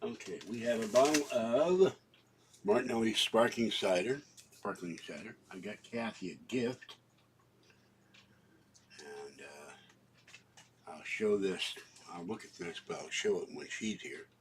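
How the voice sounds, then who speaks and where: A man's voice: lowish voice, expressive, slow pace, pauses often, a little hiss or hum, rough recording. Coughing older man chatting casually. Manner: chatty, meandering, frequent fillers and coughing fits. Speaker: vlogger showing his shopping haul. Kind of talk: casual rambling haul vlog.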